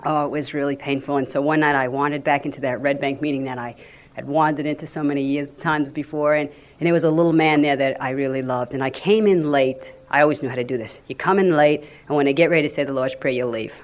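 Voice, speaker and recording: A woman sharing her personal recovery story at a meeting, telling it in an animated way and acting out what people said. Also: rumbling low, fast talker, dull audio.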